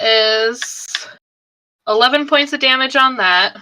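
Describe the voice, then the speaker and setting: Woman player at a tabletop game, bright clear voice, slow talker. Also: on the high side, poor audio.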